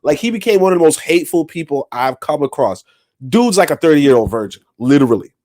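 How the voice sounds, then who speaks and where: Male podcast co-host, lively high voice, rambling profane banter. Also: brisk. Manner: animated, rambling, profane, laughs loudly. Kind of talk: casual podcast chat.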